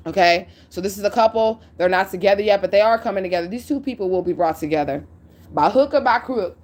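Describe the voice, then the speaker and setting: At home near a window, a woman gives a casual tarot reading in a mid-range, slightly mellow voice. She's blunt and swears, hammering her points home with "okay?" and "period."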